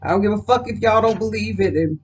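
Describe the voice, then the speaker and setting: A woman's voice: medium pitch, fast talker, a little hiss or hum. A woman doing a casual card reading at home, talking in a profane, emphatic, rambling way. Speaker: card reader.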